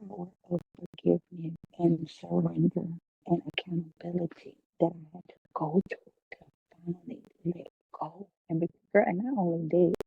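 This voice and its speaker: A woman's voice: on the low side, little pitch movement, moderate pace, gravelly, breathy edge, no echo. A woman as a podcast guest, telling an emotional personal testimony in a heartfelt, preacherly way. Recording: phone-like, dry.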